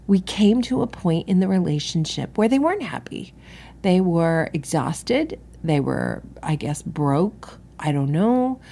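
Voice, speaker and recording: Brief: middle-aged woman, lowish voice, candid and digressive, telling a story solo. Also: dark tone. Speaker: interior designer and business owner. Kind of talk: solo podcast monologue.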